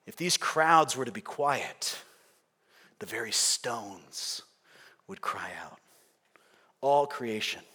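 A man voicing a calm male king who speaks with quiet, solemn authority. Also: slow pace, pauses often, breathy edge, full character voice. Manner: solemn and low.

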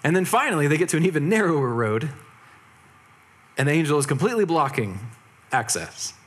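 A man's voice: a little high, big pitch swings, brisk, a bit bright. A man preaching in a casual storytelling style, retelling a scripture story with humorous asides and slangy paraphrases.

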